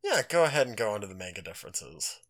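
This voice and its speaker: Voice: low-pitched, sing-song, fast, a bit bright. A podcast co-host in casual chat who stammers and laughs a lot.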